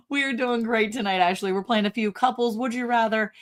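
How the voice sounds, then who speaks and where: A middle-aged woman co-hosting a casual livestream, giggling often and reading viewer comments aloud. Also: a little high. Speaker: livestream co-host.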